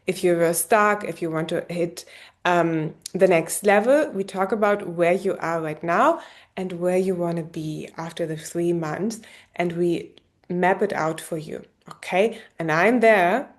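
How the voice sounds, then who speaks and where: A woman with a German accent talks straight to the listener as a business coach wrapping up a masterclass. Her delivery is warm and encouraging, and she keeps checking in with a quick "yeah?" between points. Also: lowish voice. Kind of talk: masterclass sales pitch.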